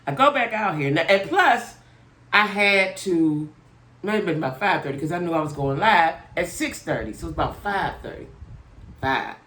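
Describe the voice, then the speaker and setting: Animated woman telling a story in an echoey room. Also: lowish voice, moderate pace. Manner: chatty, animated, exasperated retelling. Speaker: channel host. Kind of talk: casual storytelling to viewers.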